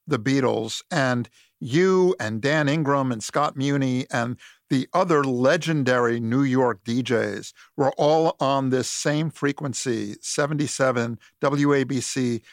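A man's voice: mid-range voice, unhurried, dry recording, clean studio sound. A man hosting an interview, laying out the background of his guest's career. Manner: informed, recapping history for the guest. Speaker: podcast host. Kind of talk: interview questions.

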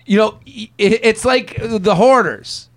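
A man's voice: sits high, takes it slowly, vocal fry. A young man hosting a podcast, chatting casually and acting out people in quoted voices. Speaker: podcast host. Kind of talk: casual comedic chat.

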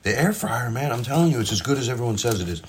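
His medium-pitched voice has lively intonation and a fast delivery, with a little hiss or hum in the audio. The middle-aged man, a comedian hosting his own show, chats in a rambling, self-interrupting way with mild swearing as he cooks and eats, recorded on a phone propped up nearby.

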